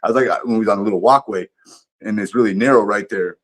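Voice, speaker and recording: A man's voice: on the low side, fast talker. A man livestreaming, telling a story in a casual, profane, rambling way with lots of restarts.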